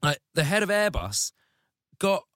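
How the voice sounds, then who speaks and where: A man hosting a podcast, ranting comedically in casual chat and jumping into mocking high squeaky voices. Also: very animated, unhurried, a bit bright, dry recording, clean studio sound. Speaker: podcast host.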